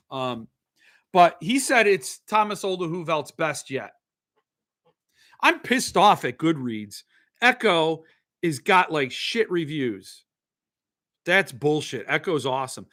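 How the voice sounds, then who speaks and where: Bright-voiced man hosting a chatty show. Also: on the high side. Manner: rambling, joking, reads comments aloud. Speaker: podcast host. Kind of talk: casual livestream chat.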